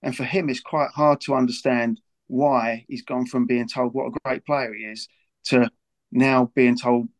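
A man's voice: medium pitch, little pitch movement, a little slow. A man talking earnestly about his football club, often repeating words as he goes. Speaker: football club figure as guest. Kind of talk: casual podcast talk.

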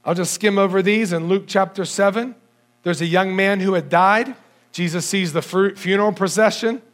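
A man preaching a sermon to a congregation, animated and asking his listeners rhetorical questions as he swings between low and high pitch. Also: moderate pace. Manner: audience-addressing with rhetorical questions.

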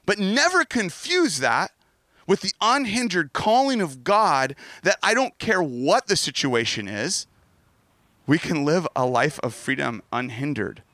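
Middle-aged male pastor, bright voice, dry close sound, candid storytelling sermon. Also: a little high, no room sound. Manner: earnest, candid, storytelling with self-deprecating asides.

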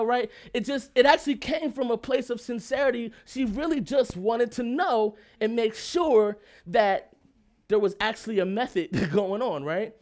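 A man telling a personal story in a lively, emphatic, casual way, often checking in with his listeners and laughing as he talks. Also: very high voice, a little slow. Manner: laughs while talking.

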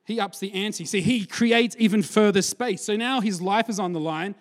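A man preaching a lively sermon, telling stories with energy and acting out quotes before settling into a quieter appeal. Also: high voice, normal speed. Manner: energetic storyteller, acts out quotes, drops to a hushed close.

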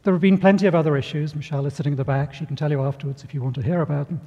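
A middle-aged man preaching a sermon, speaking with measured pauses and slipping into voices when telling a story. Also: on the high side, fairly even intonation, mellow, long reverb tail, highs cut off. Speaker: pastor.

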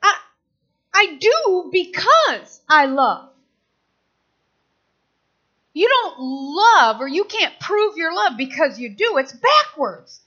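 A woman's voice: very high voice, sing-song, takes it slowly, long pauses, sharp tone, highs cut off. A middle-aged woman pastor preaching a sermon in an impassioned, conversational way, acting out quotes as she goes.

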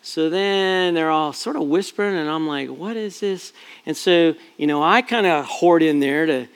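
High-voiced pastor telling a family story. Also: male voice, moderate pace, clear, resonant tone. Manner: chatty and self-deprecating, many fillers and restarts. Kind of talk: storytelling sermon.

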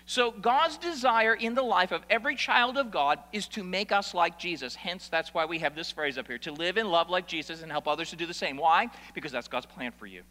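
A man preaching a sermon as pastor, animated, asking rhetorical questions and swinging between loud and hushed. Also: sits high, fairly quick, hardly any pauses. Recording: long reverb of a large hall.

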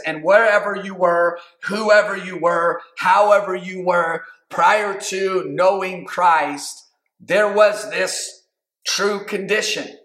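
A man preaching a sermon, building to shouted calls and asking the congregation to respond. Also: high voice. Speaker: pastor. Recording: roomy echo.

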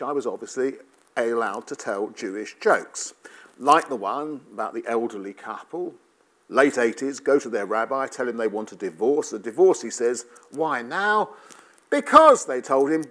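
A middle-aged English man with a light London lilt, telling wry personal stories and jokes to an audience. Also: medium pitch. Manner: wry, animated storytelling with joke delivery. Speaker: speaker giving a talk. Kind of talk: storytelling talk to an audience.

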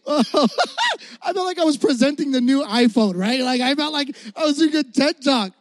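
A young male pastor from Florida tells a comic story from the pulpit, animated and jokey, acting out the voices of his younger self. His voice sits high for a man and moves at normal speed, recorded dry and close with no room sound.

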